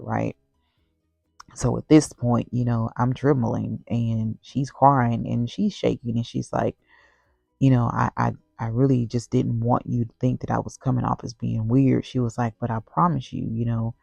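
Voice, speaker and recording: A woman with a heavily gravelly, creaky voice shares a heartfelt faith testimony in a rambling, casual way, filling every pause with "you know" and "like." Her voice sounds dry and close, with no room echo. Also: extremely low pitch, darkish tone. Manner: earnest and heartfelt. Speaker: vlogger sharing a personal story.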